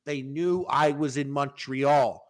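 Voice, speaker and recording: A man telling an animated, swearing story in casual podcast chat, acting out the quotes. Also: medium pitch, slow. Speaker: podcast guest.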